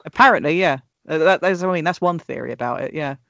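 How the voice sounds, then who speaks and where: A man with a slightly higher voice than most men chats on his podcast, loose and rambling, often restarting his sentences and breaking into laughs. The sound is dry and close, with no room around it. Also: quick pace, gravelly, fairly bright tone, no echo, lo-fi sound. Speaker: podcast host. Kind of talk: casual podcast chat.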